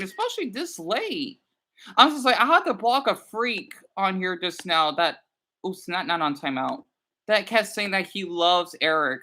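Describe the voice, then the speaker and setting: A man chatting casually on his live stream in a rambling, animated way, answering his chat and bluntly scolding trolls. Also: sits high, moderate pace.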